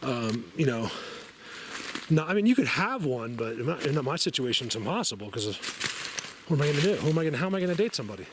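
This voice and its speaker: A man of ordinary pitch rambles excitedly to his camera while out in a forest. He chats casually, laughs often and jumps from thought to thought. Steady outdoor noise sits clearly behind his voice. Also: fast talker. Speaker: vlogger.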